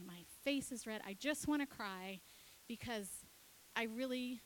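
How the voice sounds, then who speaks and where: A woman pastor preaching, telling a story with lively acted-out dialogue. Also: a little high, a little hiss or hum, rough recording. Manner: animated, acts out her kids and herself in quick dialogue. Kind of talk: sermon storytelling.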